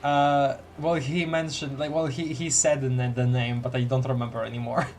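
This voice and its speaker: A man's voice: medium pitch, level tone, moderate pace, darkish tone. Giggly man streaming a story game. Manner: giggly, muttering, repeats words playfully. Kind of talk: casual game playthrough, reading dialogue aloud.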